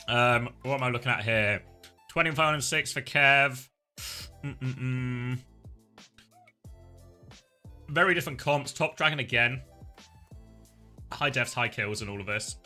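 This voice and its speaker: A man's voice: medium pitch, moderate pace, bright, forceful tone, faint music behind. A man hosting a live esports co-stream, chatting casually, laughing often and answering viewer questions. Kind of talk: casual live commentary chat.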